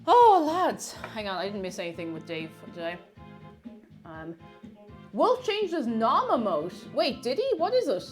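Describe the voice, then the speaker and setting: A woman's voice: medium pitch, sing-song, normal speed. A young woman chatting casually on a live stream, reading chat aloud and talking with her mouth full. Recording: faint music behind.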